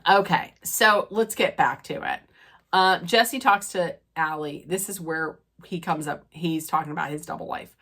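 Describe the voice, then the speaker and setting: A woman with a slightly low voice talks through a reality TV episode in a loose, rambling recap, full of fillers and restarts. Her nose is stuffed up, so she sounds nasal and congested as she chats. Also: unhurried, a bit bright, breathy edge. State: stuffy, draining sinuses. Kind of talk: casual recap and rant.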